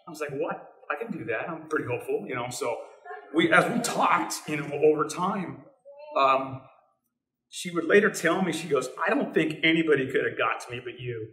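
A middle-aged man, a teacher, telling personal stories at church in a conversational, halting way, full of restarts and fillers. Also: fairly high pitch, expressive, fairly bright tone. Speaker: teacher sharing a testimony. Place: church sanctuary. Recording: roomy church hall, voice from some distance.

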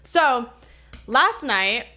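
A woman's voice: fairly high pitch, expressive, drawn-out words, sharp tone. A young woman co-hosting a podcast, telling a story in casual chat, full of "like" fillers and frequent swearing. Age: young adult. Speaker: podcast co-host.

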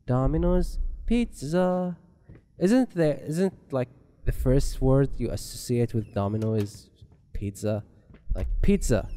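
Man, gameplay commentary, unhurried delivery, warm dark tone, jokey, curses constantly. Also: mid-range voice. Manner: joking, rambling, swears a lot. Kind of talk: let's play horror game commentary.

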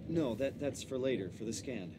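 A man playing a weary, shaken young man in a game, still reeling from a brain injury. His voice is mid-pitched and quite lively in its ups and downs. The game audio carries a clear layer of noise behind him. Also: normal speed, close to an everyday voice. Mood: uneasy.

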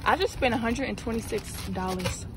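A young woman chatting excitedly and rambling in a casual vlog, recorded on a phone inside a car. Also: fairly high pitch, moderate pace. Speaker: vlogger. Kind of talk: casual vlog chat to camera. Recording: distant phone audio with loud road noise.

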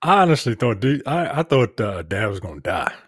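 A man co-hosting a film review podcast, talking in a halting way with many restarts. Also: mid-range voice, slightly rough, no room sound, studio quality. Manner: halting, restarts a lot, animated. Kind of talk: casual movie discussion.

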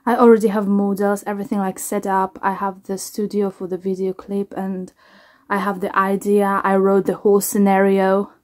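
A woman, a singer, talking casually to camera in a reaction vlog, halting, restarting and trailing off as she reflects. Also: medium pitch, level tone, darkish tone.

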